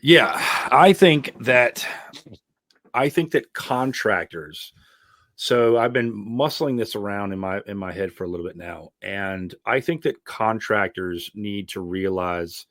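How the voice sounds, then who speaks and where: Low-voiced man giving earnest advice, dry mic. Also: expressive, a little slow, fairly bright tone, dry recording. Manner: earnest, emphatic advice with frequent fillers. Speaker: guest, ironworker and mentor. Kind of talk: casual interview chat.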